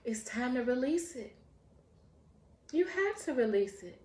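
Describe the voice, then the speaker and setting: Slow, lively-voiced woman reading tarot. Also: high voice, reverberant. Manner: heartfelt and encouraging, often laughing. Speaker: tarot reader. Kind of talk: casual spiritual tarot reading.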